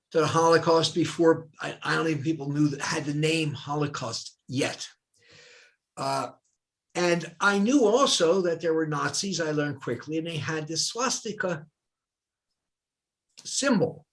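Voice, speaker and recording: An older man, a retired professor, tells stories from his life in a lively, swooping voice that sits a little high. He slips into the voices of the people he quotes. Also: a little slow. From United States. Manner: animated, acts out quoted voices. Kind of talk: storytelling in a dialogue.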